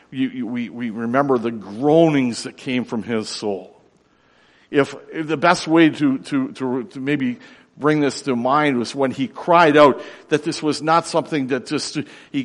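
Male pastor, mid-pitched, dramatic sermon delivery with wide loud-soft swings, in a reverberant hall.

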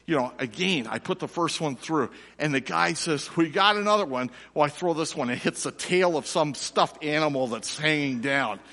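A middle-aged man, preaching a sermon and telling a lively personal story before turning quiet and slow. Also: on the high side. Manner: animated storyteller, drops to soft and slow for reflection. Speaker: pastor. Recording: long reverb of a large hall.

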